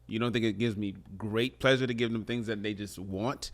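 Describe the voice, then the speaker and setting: A man co-hosting a podcast, telling a story in a relaxed, conversational way with small laughs. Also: on the low side, a little fast. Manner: relaxed, conversational, chuckles and affirms with mm-hmm. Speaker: podcast co-host. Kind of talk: casual storytelling chat.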